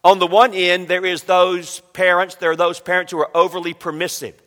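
A high-voiced man in his forties preaching with emphatic, building delivery. His voice rings out with a long reverb trailing behind it, as in a large hall. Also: flat delivery, a little fast, bright, forceful tone. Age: 40s. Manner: emphatic preaching with rising pitch and repeated words. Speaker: pastor. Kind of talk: sermon.

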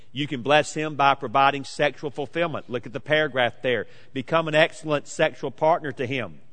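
Man, late forties, preacher, sermon, bright ringing voice, emphatic with hushed asides, long hall reverb. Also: on the high side. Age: 40s. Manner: emphatic, swinging from loud declarations to hushed asides. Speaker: pastor.

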